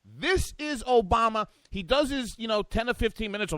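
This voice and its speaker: A man's voice: fairly high pitch, lively intonation, fairly quick, hardly any pauses, fairly bright tone, no echo. A man hosting a talk show, giving combative, sarcastic political commentary. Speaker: radio talk show host.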